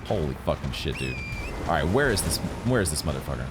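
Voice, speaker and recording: A man giving excitable, swear-laden commentary while playing a video game. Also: rumbling low, fast, music in the background. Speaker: gaming channel host. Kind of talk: live gameplay commentary.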